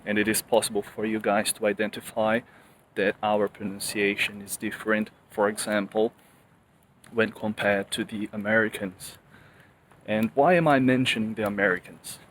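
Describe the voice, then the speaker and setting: A young man from Brazil with a Brazilian Portuguese accent, talking to camera in a casual vlog, slow and deliberate, often rephrasing himself with fillers. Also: lowish voice, steady tone, a bit bright, a little hiss or hum, rough recording. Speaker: vlogger. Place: room in Australia.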